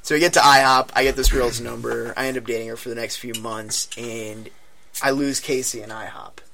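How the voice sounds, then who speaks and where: Animated young man telling a bar story. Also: mid-range voice, fairly quick, creaky, a crowd in the background. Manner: animated storyteller, swears, laughs often, acts out quotes. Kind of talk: casual storytelling among friends.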